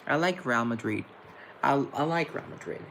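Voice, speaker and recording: Young male streamer, mid-pitched and a bit gravelly, chatty and campy as he reads out viewer comments. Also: lively intonation, normal speed, bright, forceful tone, slight background noise, rough recording. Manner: chatty, playful and campy, with pet names for viewers. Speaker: livestream host. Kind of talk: casual chat reading viewer comments.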